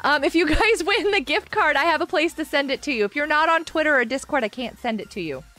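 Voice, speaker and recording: A woman's voice: high-pitched, lively intonation, quick pace, sharp tone. A woman game streamer chatting casually on a live stream and greeting viewers by name. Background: faint background music.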